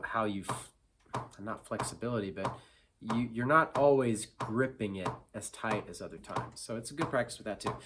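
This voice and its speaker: A man teaching acoustic guitar in a relaxed, self-deprecating way, counting beats aloud and filling pauses with ums. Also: mid-range voice, background noise. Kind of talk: casual instructional talk. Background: acoustic guitar playing.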